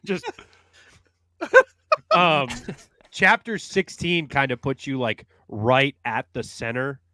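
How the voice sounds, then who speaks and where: A man co-hosting a casual book club stream, easygoing and filling pauses with ums. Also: mid-range voice, expressive, pushed and bright, no room sound, studio quality. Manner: easygoing, laughing, filler-heavy. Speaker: co-host. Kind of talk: casual live stream chat.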